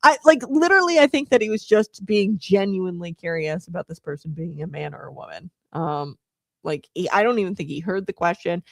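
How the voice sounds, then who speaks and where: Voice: mid-range voice, animated, a little fast, vocal fry, dry recording, clean studio sound. A host giving casual political commentary, rambling with many fillers. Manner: rambling, filler-heavy, laughs often.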